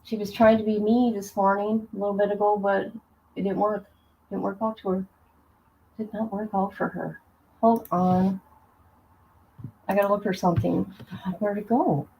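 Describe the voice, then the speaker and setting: A woman's voice: mid-range voice, steady tone, normal speed, pauses often, dark tone, slight background noise, poor audio. A woman hosting a casual livestream, chatting loosely and greeting her viewers by name as she talks. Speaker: livestream host.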